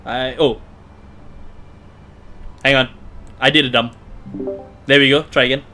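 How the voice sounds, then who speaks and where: A man's voice: medium pitch, steady tone, unhurried, pushed and bright, faint music behind. A man hosting a casual card game livestream, chatty, with many fillers and restarts. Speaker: livestream host.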